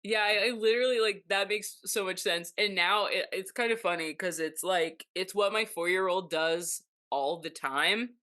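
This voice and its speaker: Woman podcast host, thirties, bright tone, chatty and loose. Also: medium pitch, normal speed, hardly any pauses. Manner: chatty, full of "like" and quoted asides. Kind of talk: casual chat.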